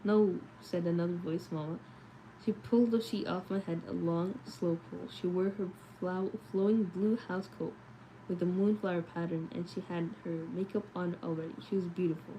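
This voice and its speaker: Her voice is on the low side, dark-toned and fairly even, at a moderate pace, as she reads a novel aloud late at night. Poor audio with slight background noise captures her sleepy, chatty asides and replies to chat comments.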